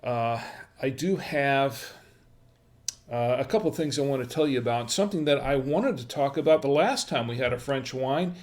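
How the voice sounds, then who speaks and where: A man's voice: medium pitch, expressive, moderate pace, a little mellow. A man hosting a casual wine-tasting livestream from home, rambling with lots of fillers and restarts, friendly and chatty with his viewers. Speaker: wine review livestream host. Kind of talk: casual live-stream chat.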